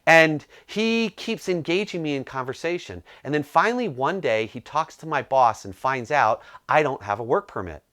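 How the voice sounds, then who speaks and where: A middle-aged man from the United States, a business coach telling a personal story to camera and acting out the dialogue in lively bursts. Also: normal speed, hardly any pauses. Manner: animated, acts out dialogue with rising pitch.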